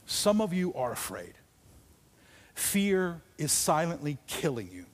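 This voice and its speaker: A man preaching a sermon as a pastor, dramatic, dropping from loud declarations to hushed, near-whispered lines. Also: fairly high pitch. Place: church sanctuary.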